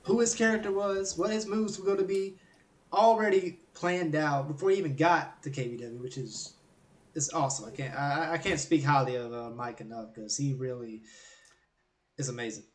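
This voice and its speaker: A man's voice: on the high side, steady tone, moderate pace, far from the mic. A young man co-hosting a podcast, talking casually and enthusiastically, rambling with fillers. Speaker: podcast co-host. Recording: voice set back from the mic.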